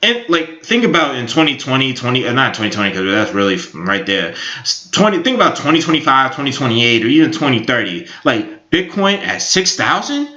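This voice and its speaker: A man's voice: mid-range voice, big pitch swings, a little fast, pushed and bright. A man in his twenties giving rambling, upbeat casual commentary on crypto markets, full of fillers. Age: 20s. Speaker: crypto YouTuber. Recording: echoey room, dull lo-fi sound.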